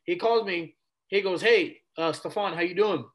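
A man in his twenties, a podcast guest, telling a story in a casual, animated way and replaying conversations with casual slang. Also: high-pitched, moderate pace. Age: 20s.

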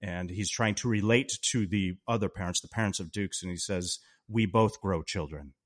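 Excitable man swearing through film chat. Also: low voice, a little fast. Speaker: podcast co-host.

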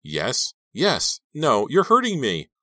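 A man reading an audiobook aloud and voicing a frightened teenage girl who pleads in a high, strained voice. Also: sing-song, normal speed, bright, forceful tone, dry recording, studio quality, heavily acted. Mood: panicked.

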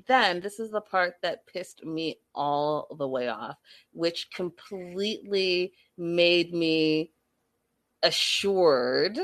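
A woman's voice: fairly low pitch, fairly bright tone, dry recording. A woman commenting on a reality show in a sassy, exasperated way, repeating herself for emphasis while reading viewer chat.

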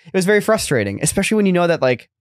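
A man's voice: high voice, very animated, rapid-fire, dry recording. Podcast co-host guy in his 30s, talks in loops w/ lots of "like", dry close sound. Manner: rambling, many fillers and restarts. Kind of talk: casual chat.

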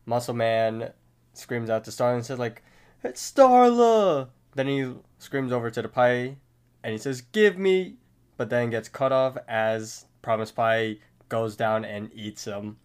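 Smooth-voiced man recapping a cartoon. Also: mid-range voice, a little slow. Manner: steady, detailed scene-by-scene retelling. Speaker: podcast co-host. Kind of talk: casual recap narration.

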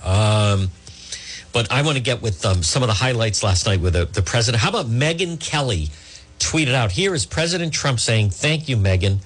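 A man hosting a political talk radio show, talking in an animated, emphatic way and mocking the voices of opponents. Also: medium pitch, moderate pace, slightly rough.

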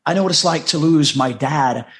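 A man's voice: fairly high pitch, moderate pace, fairly bright tone. A middle-aged man from the United States, a guest on a podcast, telling a personal story in an earnest, heartfelt way and often repeating himself. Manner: heartfelt, repetitive, acts out quoted dialogue. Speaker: podcast guest, life coach.

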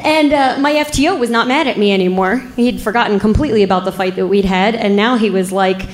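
A woman, a police officer, telling a story in an unhurried, wry way and laughing at the grim parts. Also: medium pitch. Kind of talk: casual spoken storytelling. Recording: roomy echo.

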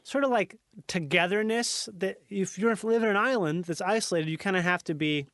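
A man's voice: high-pitched, a little fast, fairly bright tone, no room sound. A man from Chicago in casual, rambling, profane chat about accents.

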